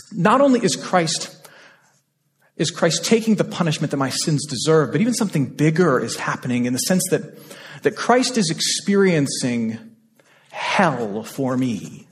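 A male pastor preaching a sermon with passion, repeating phrases and moving between loud, urgent lines and hushed ones. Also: on the high side. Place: church sanctuary. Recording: long hall reverb.

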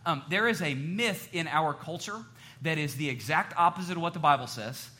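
A middle-aged man preaching a sermon as a pastor, telling stories in an animated way and joking with the audience. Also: fairly high pitch, normal speed.

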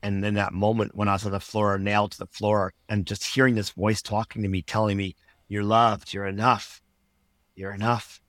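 Man, podcast guest, earnest reflective storytelling, lowish voice, dry close sound. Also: level tone, brisk, few pauses, dry recording. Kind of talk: personal story in conversation.

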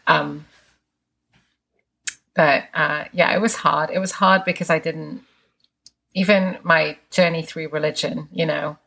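Low gravelly-voiced woman, candid. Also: fairly even intonation, unhurried, pauses often, a bit bright. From England. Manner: candid, laughs often, swears casually. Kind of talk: candid casual chat.

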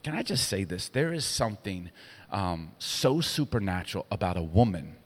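A middle-aged man preaching a sermon, telling stories with lively swings from hushed to loud. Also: deep voice, moderate pace. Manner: animated storytelling, swinging between hushed and loud. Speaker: pastor. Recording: long hall reverb.

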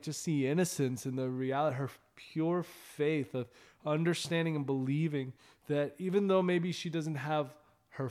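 A man's voice: fairly high pitch, a little mellow. A man hosting a ministry show, telling an evangelism testimony in an earnest, rambling way with many fillers and restarts.

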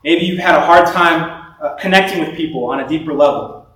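Young man, sermon, chatty storytelling, many restarts, slightly high voice, heavy echo, distant mic. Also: brisk, fairly bright tone. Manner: conversational storytelling with repeated restarts. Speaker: preacher. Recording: very echoey room, voice from far off.

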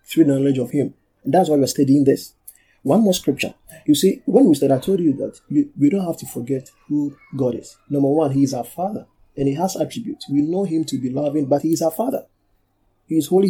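A pastor delivers a sermon and Bible study, repeating key phrases for emphasis, calling for amens, and asking the congregation to read aloud. The voice is mid-pitched and dark with a breathy edge.

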